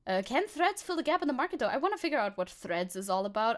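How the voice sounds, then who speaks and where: A woman's voice: a little high, sing-song, fast talker, few pauses. A young woman streaming casually, reading news aloud and reacting with chatty, giggly asides.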